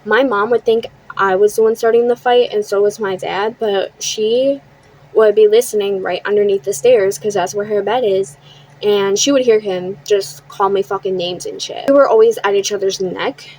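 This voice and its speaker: On a rough recording, a young woman speaks in a steady, mid-range, somewhat mellow voice while telling a personal story. Blunt and profane, she acts out others' remarks in quick asides.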